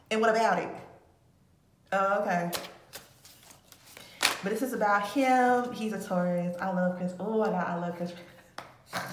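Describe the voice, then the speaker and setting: A woman's voice: mid-range voice, reverberant. A woman talking casually and profanely through a tarot reading, rambling with laughing asides. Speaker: tarot reader.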